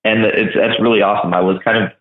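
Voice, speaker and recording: A man's voice: lowish voice, steady tone, fast talker. A man hosting a casual chat, laid-back and rambling with lots of fillers. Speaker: host. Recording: echoey, phone-like line.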